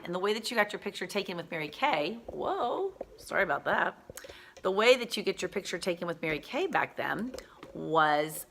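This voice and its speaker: Bright-voiced, gushing woman telling a story. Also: on the low side, gravelly. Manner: chatty, gushing, repeats words. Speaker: cosmetics sales director. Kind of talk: casual storytelling to camera.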